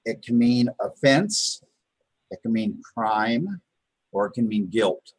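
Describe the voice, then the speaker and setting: A man's voice: on the low side, expressive, takes it slowly, no room sound. A man teaching a beginners' Hebrew lesson, patiently repeating words and sounding them out, with many fillers and restarts. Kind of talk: live online lesson. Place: Chabad house.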